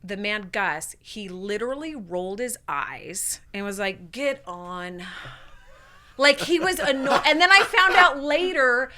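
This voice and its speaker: A woman guest on a podcast telling a story in a lively, chatty way, with many fillers and laughs. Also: a little high, a little slow, hardly any pauses, background noise. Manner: animated, laughing, full of fillers like "like". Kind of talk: storytelling in casual conversation.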